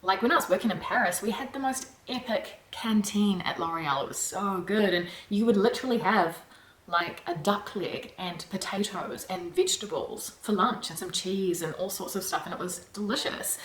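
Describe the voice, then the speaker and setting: A woman from New Zealand with a New Zealand accent, chatting casually to camera in a vlog, animated and laughing often. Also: mid-range voice, roomy sound, a little hiss or hum. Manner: chatty and animated, laughs often, acts out her own reactions. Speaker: vlogger.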